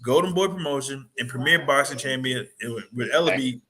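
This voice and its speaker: A man co-hosting a sports podcast, chatting casually in an animated, rambling way full of slang. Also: medium pitch, brisk. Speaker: podcast co-host.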